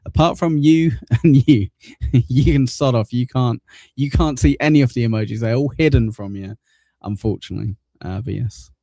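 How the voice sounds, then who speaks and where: A man hosts a live stream in casual chat, his tone mocking and sarcastic, with a lot of swearing. His voice sits at a middle pitch with a gravelly, creaky edge, and it is recorded close and dry with almost no room sound. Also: normal speed, mellow, dry recording. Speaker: streamer host reacting to a video.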